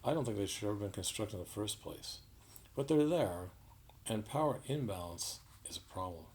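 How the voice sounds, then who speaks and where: A man delivering an indignant, sarcastic political commentary monologue, halting with frequent restarts. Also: fairly low pitch, animated, a little mellow, rough recording.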